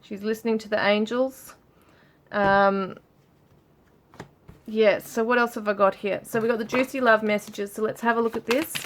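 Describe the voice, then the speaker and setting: A woman giving a relaxed tarot reading, musing aloud with frequent fillers as she reads out card messages. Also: medium pitch, normal speed, pauses often, slight background noise. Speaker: tarot reader. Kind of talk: casual tarot reading for viewers.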